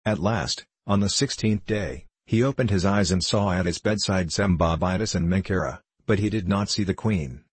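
A man narrating a story for an audiobook in a steady, even way. His voice is low and husky, and the recording is dry and close with no room sound. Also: moderate pace, few pauses, no echo, poor audio. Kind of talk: scripted narration.

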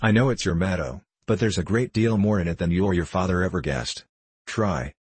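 Old tricksy sprite guy, wry and knowing, low husky voice, dry sound, as a man reads him. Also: fairly quick, no room sound. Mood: coaxing. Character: ancient mischievous male hill sprite, knowing and wry. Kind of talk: audiobook character reading.

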